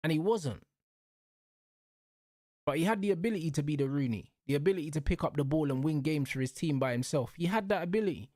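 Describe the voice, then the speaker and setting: A young man rants about football as a show host, circling back to the same points with heat. His voice sits slightly high. The sound is dry and close, with no room around it. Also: animated, fast, warm tone, no echo. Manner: heated, repetitive, slangy ranting. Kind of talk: casual football rant.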